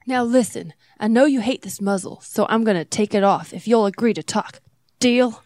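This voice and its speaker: A woman's voice: mid-range voice, normal speed, a little mellow, dry recording, studio quality, lightly acted. A woman voicing a serious, cautious young female FBI agent in a comedy sketch. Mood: firm. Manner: trying to be very serious, firm.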